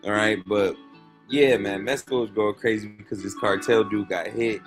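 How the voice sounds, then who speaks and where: A man's voice: fairly low pitch, fairly even intonation, moderate pace, over music. A man in casual commentary, talking loosely in slang and reading scripture verses aloud. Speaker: host.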